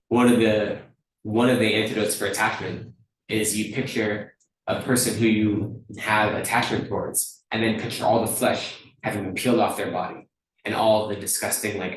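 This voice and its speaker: A man giving a Buddhist teaching in a relaxed, conversational way, often checking in with listeners by asking "right?". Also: fairly low pitch, a little hiss or hum. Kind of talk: dharma teaching talk. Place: teaching hall at a dharma center. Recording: very echoey room, mic far off.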